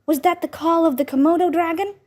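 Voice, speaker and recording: A woman's voice: extremely high pitch, steady tone, a little fast, a little mellow, voice pushed up. A woman voicing an imaginative young girl in a children's book read-aloud, explaining things with dramatic confidence. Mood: excited. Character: inventive know-it-all young girl Ivy.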